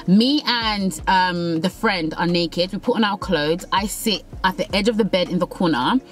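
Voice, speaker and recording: A woman's voice: medium pitch, poor audio. Chatty young woman, faint music behind. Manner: candid, swearing, acts out quotes. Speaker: vlogger. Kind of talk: casual storytelling.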